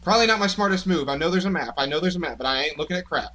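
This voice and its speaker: A man's voice: on the high side, lively intonation, racing, bright, forceful tone, slight background noise. A man hosting a horror game playthrough, talking nervously to his viewers in frightened, jittery bursts. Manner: jittery, panicky, talks to viewers. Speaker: gaming channel host. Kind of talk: horror let's play commentary.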